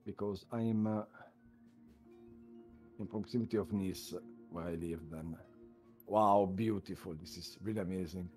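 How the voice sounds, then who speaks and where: Over background music, this man, whose first language is Italian, speaks slightly slowly with long pauses in a low, dark voice and fairly even intonation. He co-hosts a livestream with an Italian accent, reacting to flight-sim landings and cheering in broken English.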